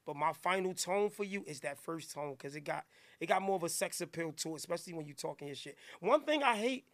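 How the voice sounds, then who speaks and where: A man from Newark with a New Jersey accent, hosting a hip hop radio show in a loud, joking, crude manner. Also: high voice, no room sound.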